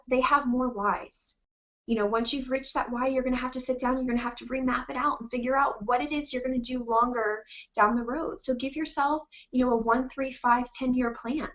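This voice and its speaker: A woman gives a motivational talk, earnest and encouraging, her voice sitting slightly high. She holds back tears as she speaks. The recording sounds dull and lo-fi. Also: a bit bright.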